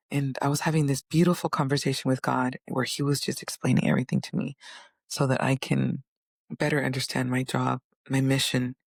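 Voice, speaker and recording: Earnest woman with a gravelly voice. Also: no room sound, clean studio sound. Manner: earnest, animated, acts out inner voices in higher pitch. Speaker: vlogger. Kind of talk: personal storytelling monologue.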